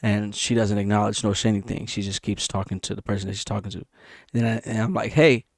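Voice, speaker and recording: A man casually telling a story about a dream, animated and repetitive, punctuating it with sound effects. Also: fast, vocal fry, no echo, clean studio sound. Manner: animated, repeats himself, sound effects like boom. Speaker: vlogger.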